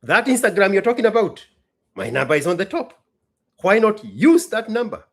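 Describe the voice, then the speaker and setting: A man's voice: high voice, very animated, normal speed. A man with a Kenyan accent hosting a show, ranting in exasperated, mocking rhetorical questions. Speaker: host. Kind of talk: ranting commentary.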